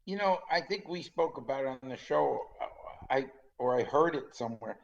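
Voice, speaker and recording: A man in his sixties co-hosting a podcast, telling stories in a lively, chatty way and laughing often. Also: mid-range voice, moderate pace, gravelly, lo-fi sound. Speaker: podcast co-host. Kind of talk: casual chat.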